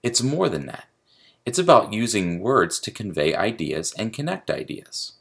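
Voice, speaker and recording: Male writing instructor, deep and gravelly, explanatory lecture delivery. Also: very animated, normal speed, a bit bright. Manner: explanatory, chants stress patterns aloud. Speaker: creative writing teacher. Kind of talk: recorded video lecture.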